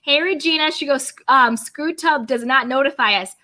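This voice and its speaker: A young adult woman hosting a live stream recap, greeting viewers one by one with bubbly, drawn-out hellos and pop-culture slang. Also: sits high, sharp tone. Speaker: YouTube recap host.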